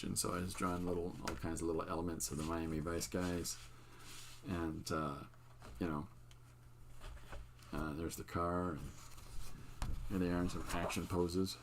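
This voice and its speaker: An older man with a fairly low voice talks through his own artwork in an easygoing show-and-tell. He wanders from point to point and is amused by his own jokes, with a faint hiss behind him. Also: a little slow, pauses often. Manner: relaxed, meandering, self-amused. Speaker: artist and channel host. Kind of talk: casual show-and-tell livestream.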